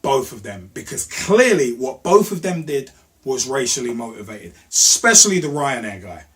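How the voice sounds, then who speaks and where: A man hosting a blunt opinion rant, swearing and repeating himself, his voice jumping high when he gets heated. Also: sing-song, moderate pace, fairly bright tone. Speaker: host of a rant show.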